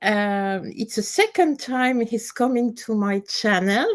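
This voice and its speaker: A woman with a French accent hosts a live stream in a slow, unhurried way, often pausing to find her English words. Her voice sits a little high for a woman. She greets her viewers and guest in a casual, halting way. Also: expressive. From France.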